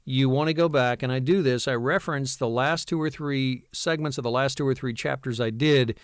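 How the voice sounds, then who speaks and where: A man's voice: mid-range voice, moderate pace, clear, resonant tone, no room sound. A man in his fifties, a voice-over artist, talking casually from his home studio, rambling with many fillers and restarts. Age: 50s. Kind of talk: casual vlog talk.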